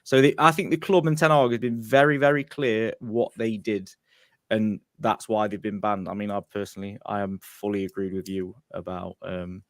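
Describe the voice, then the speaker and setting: A man's voice: lowish voice, level tone, moderate pace, dry recording, clean studio sound. A man hosting a casual football fan show, chatting candidly with frequent ums.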